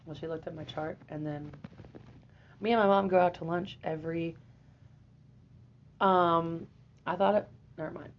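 A woman in her twenties, a podcast guest, telling a personal story in a lively, profane way and often laughing. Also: fairly low pitch, moderate pace, long pauses, slight background noise. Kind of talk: casual storytelling. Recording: dull lo-fi audio.

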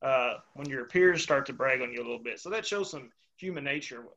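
A man's voice: mid-range voice, a little fast, sharp tone. A man hosting an interview, speaking in an encouraging, affirming way. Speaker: interview host. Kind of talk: podcast interview.

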